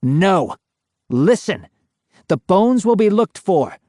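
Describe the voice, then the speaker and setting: A man's voice: medium pitch, expressive, slow, dark tone, breathy edge, no room sound, clean studio sound. A man voicing a stern male paranormal interviewer who firmly presses a ghost with commands. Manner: firm, commanding, then soothing.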